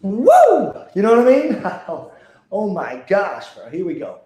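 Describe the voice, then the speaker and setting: A man with a high voice, hoarse from losing it, calls plays like an excited fan and keeps breaking into yelled hype. He is in a very echoey room at home. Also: takes it slowly. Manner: yells hype often, rambles between plays. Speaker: livestream host. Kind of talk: excited fan play-by-play commentary. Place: indoors at home.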